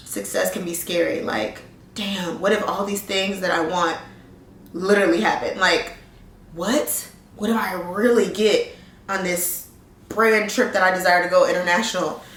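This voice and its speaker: A woman's voice: medium pitch, slight background noise. A woman in her thirties speaks in a casual, reflective vlog, circling back and restarting her sentences as she thinks aloud. She sits a little back from the mic, and her voice carries a roomy echo. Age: 30s. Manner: earnest, reflective, rambling with restarts. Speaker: vlogger. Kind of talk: casual life-update vlog. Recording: roomy sound, distant mic.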